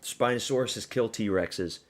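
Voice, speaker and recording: A man hosting a fight watch-party stream, giving excitable, profane live reactions and yelling at the screen. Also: fairly low pitch, slow pace.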